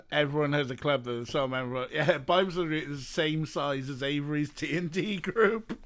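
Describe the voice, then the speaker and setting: A man's voice: a little high, normal speed, fairly bright tone, soft background music. A man streaming a visual novel, making wry, joking asides as casual commentary. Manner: wry, joking asides, clears throat often.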